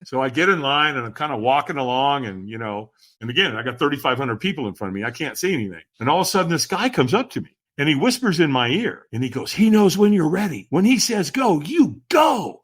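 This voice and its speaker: A man, a podcast guest, telling a personal story in a lively, dramatic way and often addressing the host. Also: medium pitch, fast talker, few pauses. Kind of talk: animated storytelling.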